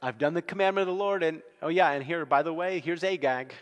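A man's voice: on the high side, fast talker, pitched above the performer's own voice, natural voice. A man voicing a smug, breezy King Saul who brushes off his guilt, in a flippant sing-song manner. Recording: long reverb.

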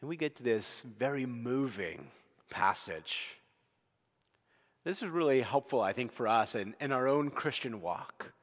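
A male pastor preaching an evening sermon, earnest and expressive, dropping from loud to hushed. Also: mid-range voice, unhurried. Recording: long reverb.

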